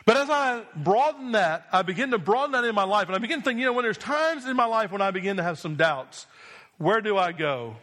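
A male pastor delivering a sermon to his congregation, his voice pitched high for a man. He preaches with firm, emphatic repetition and keeps checking in with the room. The tone is bright and ringing. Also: expressive, a little fast. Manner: emphatic preaching with repeated call-and-response "Amen?".

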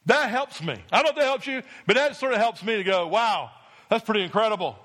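A man preaching a sermon as pastor, repeating phrases with rising emphasis and dropping his voice low to drive points home. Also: lively intonation, fast, pushed and bright.

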